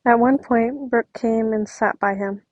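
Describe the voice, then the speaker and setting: A woman with a slightly high voice reads fan fiction aloud in a casual, chatty way. She breaks off for asides and restarts. Her home microphone sounds dull and dry, with no room echo. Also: fairly even intonation, unhurried, darkish tone. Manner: chatty, self-interrupting, apologetic asides.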